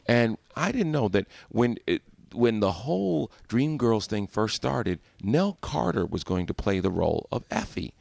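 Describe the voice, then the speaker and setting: Animated storytelling man with gravelly voice. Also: medium pitch, a little slow, hardly any pauses, no echo. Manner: acts out both sides of quoted exchanges. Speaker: entertainment correspondent. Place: radio studio.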